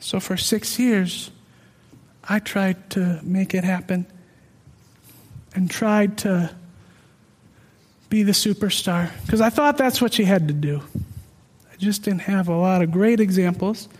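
High-voiced man telling his testimony. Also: takes it slowly, pauses often, a little mellow, big-room sound. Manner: earnest, emotional, self-deprecating. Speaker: speaker sharing a personal testimony. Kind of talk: personal testimony storytelling.

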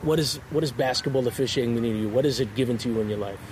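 A man with a Long Island accent hosting a casual podcast interview, excitable and laughing as he tells stories. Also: mid-range voice, rapid-fire. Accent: Long Island New York. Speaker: podcast host. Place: outdoors in a park, traffic behind. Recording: loud outdoor traffic noise.

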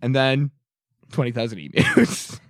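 A man's voice: mid-range voice, measured pace, no room sound, studio quality. A man hosting a casual comedy podcast, telling a history story with jokes and frequent laughter. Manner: animated, laughing, joking storyteller.

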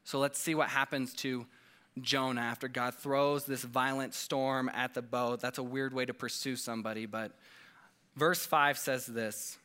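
A man's voice: mid-range voice, steady tone, moderate pace, sharp tone. A man preaching a conversational sermon, earnest and casual, often tagging his points with "like" and "right?".

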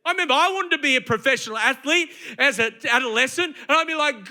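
A man preaching a sermon, emphatic and conversational, slipping into quick acted asides. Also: very high voice, sharp tone.

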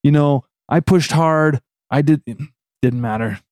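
A man with a slightly high voice speaks at an unhurried pace, recorded cleanly in a studio with no echo. He's telling a long story during a casual podcast chat, animated and laughing often as he acts out what people said.

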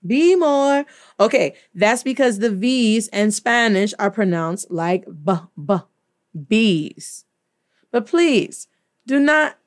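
Sassy woman, language-teacher type, slow and deliberate delivery, teasing and lively. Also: mid-range voice. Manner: playful, sassy, mixing English and Spanish. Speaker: Spanish teacher. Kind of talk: casual video lesson.

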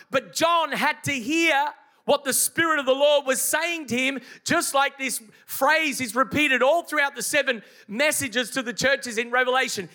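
A man's voice: extremely high pitch, bright, forceful tone. A man preaching a sermon to a congregation, emphatic and often putting questions to the listeners. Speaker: pastor. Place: church service before a congregation.

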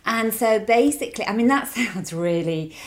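A woman from England, recorded outdoors at her home and talking through scripture in a relaxed, conversational way. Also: fairly high pitch, moderate pace. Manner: relaxed and conversational, with small restarts. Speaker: guest speaker. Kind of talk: conversational teaching on video. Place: outdoors at their home, front yard.

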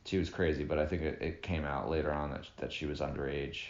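A man's voice: extremely low pitch, fairly even intonation, fast talker. A man in his thirties co-hosting a podcast, in a dry, sarcastic, rambling casual chat. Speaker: podcast co-host. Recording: dull roomy home recording.

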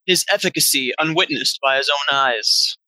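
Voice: mid-range voice, moderate pace, pushed and bright, no room sound, voice pushed down, rough recording. A player voicing a blind man who poses as a menacing spirit demon, reciting grandly. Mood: ominous.

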